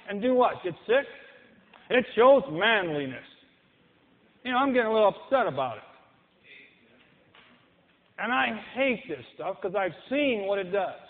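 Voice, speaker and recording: Impassioned high-voiced preacher, echoey hall. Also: male voice, sing-song, unhurried, long pauses. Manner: impassioned, mimics people in quoted voices. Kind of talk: sermon. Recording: echoey hall, tinny phone-like sound.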